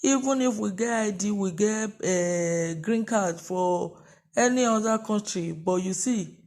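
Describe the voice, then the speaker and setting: A woman's voice: medium pitch, a little slow, a little mellow. A woman vlogger speaking Nigerian Pidgin, delivering an impassioned, repetitive rant of commentary in an opinion vlog.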